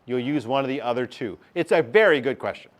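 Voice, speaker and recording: A man's voice: mid-range voice, expressive, fast. A male teacher, giving a chatty classroom lesson and often checking in with his class.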